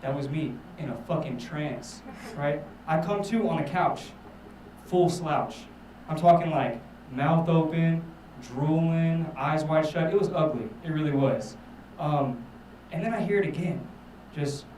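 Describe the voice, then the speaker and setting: A man's voice: a little high, measured pace, reverberant, distant mic, noisy background. A man doing a rambling, self-mocking stand-up set, swearing a lot. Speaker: stand-up comedian. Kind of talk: stand-up set at a live show.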